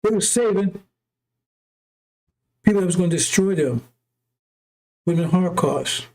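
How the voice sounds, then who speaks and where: A man's voice: sits high, moderate pace, pauses often, darkish tone. A man giving a heated, profane preaching monologue, often repeating himself and asking "right?" or "see?". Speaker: religious preacher. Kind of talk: impassioned unscripted preaching monologue.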